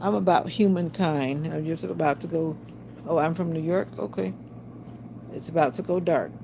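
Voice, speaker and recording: A woman's voice: low voice, moderate pace, gravelly, noisy background. A woman hosting a casual livestream, chatting and answering viewer comments aloud. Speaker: livestream host.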